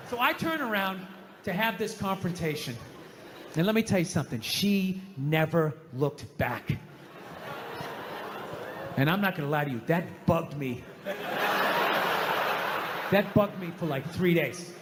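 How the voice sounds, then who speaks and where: A man doing a stand-up set with a high voice, launching into animated, exasperated rants. His voice rings off the walls of a large hall with a long echo, and the audience murmurs faintly behind him. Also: moderate pace, pauses often. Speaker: stand-up comedian. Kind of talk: stand-up routine. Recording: echoey hall, faint crowd noise.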